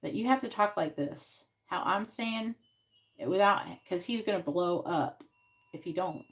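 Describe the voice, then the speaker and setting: Lady tarot reader on a live stream, kinda low voice, talks straight and swears a lot. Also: a little slow. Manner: blunt, frank advice with frequent swearing; coaching, scripting what the client should say.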